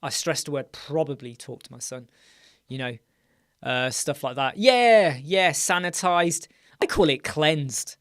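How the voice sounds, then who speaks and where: A man's voice: fairly high pitch, unhurried, fairly bright tone. Tired British man hosting a rambling live Q&A. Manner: rambling, self-correcting, asks "right?" often. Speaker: livestream host. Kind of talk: live Q&A stream.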